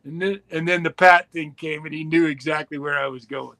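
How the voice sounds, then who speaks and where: A man's voice: fairly high pitch, fairly even intonation, fairly quick, bright, forceful tone, no room sound. An older man telling a crude, profane story with lots of laughter and acted-out voices. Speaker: guest storyteller.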